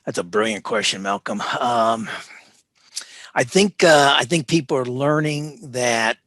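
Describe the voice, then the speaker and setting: A man, a leadership coach, speaking as an interview guest; he gets excited and then deliberately slows and calms his voice. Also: medium pitch, no echo. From United States. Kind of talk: interview over video call.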